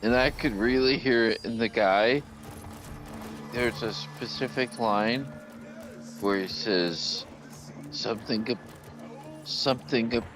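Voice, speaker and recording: A man's voice: medium pitch, takes it slowly, pauses often, background noise. A man chatting casually on a gaming stream, giving long rambling explanations with frequent restarts. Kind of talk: casual chat.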